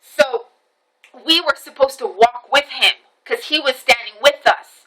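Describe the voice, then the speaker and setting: Bright-voiced woman telling a story on her phone. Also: sits high, a little slow, rough recording. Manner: animated retelling with many restarts and repetitions, swearing. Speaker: vlogger. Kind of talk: casual storytelling vlog. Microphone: camera phone.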